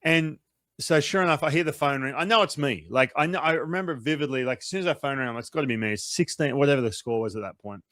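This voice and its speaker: A man, a former pitcher, telling a long story in a casual interview, animated and acting out quotes. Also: no echo. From Australia. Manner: animated, acts out quotes, swears, fast run-on storytelling. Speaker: former baseball pitcher, guest.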